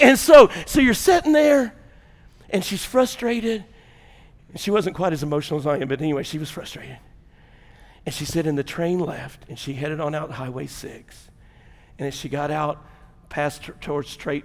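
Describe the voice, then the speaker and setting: A man's voice: on the high side, normal speed, fairly bright tone, long reverb tail, a little hiss or hum. A man with a Mississippi Southern accent preaching a sermon as pastor, fervent and folksy, with colloquial speech.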